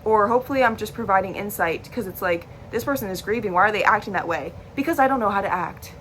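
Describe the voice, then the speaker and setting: A woman's voice: medium pitch, expressive, quick pace, a bit bright, a little hiss or hum. A young adult woman speaking candidly to a camera, blunt and emphatic, swearing freely. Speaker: vlogger. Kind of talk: candid personal talk to camera. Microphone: device recording while talking to a screen.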